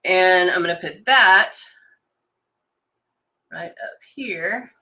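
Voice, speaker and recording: A woman's voice: lowish voice, very slow, sharp tone. A woman chatting casually on a live stream as she demonstrates makeup. She talks chattily and with enthusiasm, and reads out viewer comments as she goes. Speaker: makeup consultant hosting a live demo.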